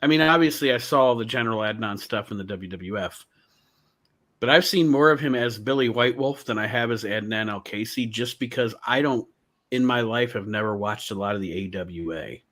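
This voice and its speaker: A man's voice: fairly low pitch, moderate pace, fairly bright tone. A man hosting a casual podcast, reading wrestler stats aloud and riffing on them with frequent laughs. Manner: laughs often, reads stats then riffs. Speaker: podcast host.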